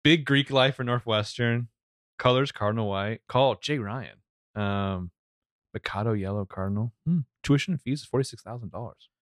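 A man's voice: medium pitch, moderate pace, dry recording, clean studio sound. A man co-hosting a podcast, chatting casually in a jokey way with playful asides. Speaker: podcast co-host. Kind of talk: casual chat.

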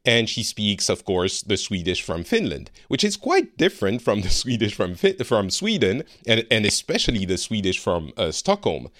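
A man's voice: fairly low pitch, huge pitch swings, normal speed, hardly any pauses, fairly bright tone, no room sound, studio quality. A French man hosting a podcast, chatting casually with a guest, laughing often and teasing himself. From France. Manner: chatty, laughing, self-deprecating. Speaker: podcast host. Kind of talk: casual chat.

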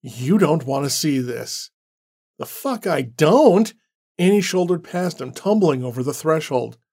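Man narrating horror, slightly high voice. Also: a little mellow. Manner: measured and dramatic.

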